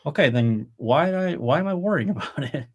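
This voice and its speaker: A man's voice: a little high, animated, a little fast. A middle-aged man talking casually on a live stream, rambling and swearing freely. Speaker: podcast co-host. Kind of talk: casual chat.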